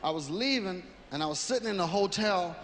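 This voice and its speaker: Male comic, fairly high voice, reflective and profane, echoing hall, faint hiss. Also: expressive, brisk, fairly bright tone. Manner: earnest, reflective, profane storytelling. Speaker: stand-up comedian. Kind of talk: stand-up comedy monologue.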